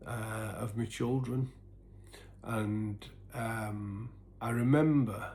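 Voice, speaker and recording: A man telling his own story in an earnest, halting way, full of restarts, and sometimes sinking to a near-whisper. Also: on the low side. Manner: sinks to a soft, breathy near-whisper at painful moments. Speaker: recovery vlogger. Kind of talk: personal confessional storytelling.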